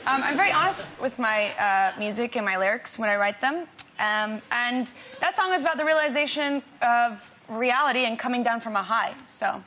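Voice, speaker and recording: A woman's voice: fairly high pitch, expressive, moderate pace, sharp tone, a little hiss or hum. A woman, a guest chatting on a talk show with a sassy, playful manner. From California. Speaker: guest singer. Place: TV studio with live audience.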